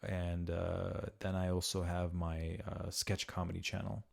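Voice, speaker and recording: A man's voice: deep voice, little pitch movement, unhurried, creaky, a little mellow. A man hosting a podcast, chatting casually and profanely, acting out quoted voices as he talks. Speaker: podcast host.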